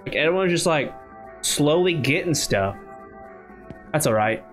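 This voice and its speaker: A man's voice: a little high, animated, unhurried, faint music behind. A man from the United States giving chatty, casual commentary while playing a game, thinking aloud with many restarts. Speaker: gaming channel host. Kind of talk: casual let's-play commentary.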